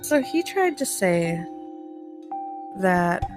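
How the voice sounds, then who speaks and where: Slow-talking, swearing woman podcaster over music. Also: mid-range voice, sing-song. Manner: profane, blunt, laughing at her own points. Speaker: podcast host. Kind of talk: casual solo podcast rant.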